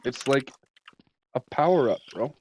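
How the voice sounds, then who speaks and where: A man's voice: medium pitch, animated, a little slow, darkish tone, slightly rough. A man co-hosting a casual podcast chat, playful and jokey, laughing often. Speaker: podcast co-host.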